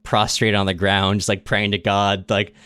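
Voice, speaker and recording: A man's voice: lowish voice, completely flat delivery, moderate pace, bright, forceful tone, clear, resonant tone, dry recording. A man co-hosting a casual literature podcast, retelling a plot loosely with fillers and chuckles. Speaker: podcast co-host.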